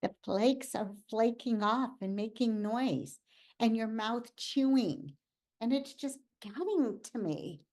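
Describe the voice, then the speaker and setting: A woman in a live improv scene, playing a shy, easily stressed woman who wants quiet, speaking hesitantly with trailing phrases. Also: on the high side, slow. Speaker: improv performer.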